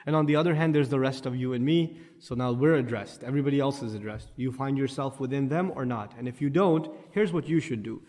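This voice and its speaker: A man's voice: fairly high pitch, a little mellow, long reverb tail. A man giving a Quran commentary lecture, explaining Arabic terms and growing impassioned as he speaks. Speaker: Quran teacher. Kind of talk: tafsir lecture.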